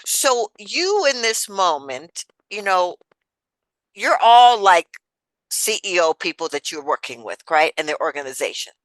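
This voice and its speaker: A woman's voice: on the low side, sing-song, a little slow, no room sound, rough recording. A woman hosting an interview, animatedly retelling an anecdote to her guest. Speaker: podcast host. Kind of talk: interview chat.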